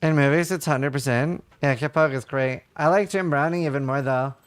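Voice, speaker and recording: Guy streaming a game, rambly casual chat with tons of "like", kinda high voice. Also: a little fast, no echo. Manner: rambling, lots of filler "like". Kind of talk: casual livestream chat while gaming.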